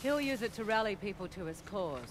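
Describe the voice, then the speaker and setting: A woman's voice: medium pitch, lively intonation, a little fast, noisy background, close to an everyday voice. An actress playing a seasoned female treasure hunter in a video game, bantering dryly. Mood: wry. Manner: dry, teasing banter. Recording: game audio with loud ambience.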